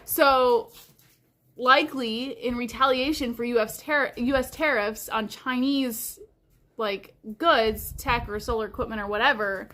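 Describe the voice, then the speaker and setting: A woman's voice: on the high side, steady tone, unhurried, fairly bright tone. A woman hosting a livestream in casual chat, rambling along with lots of fillers like "like". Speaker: livestream host.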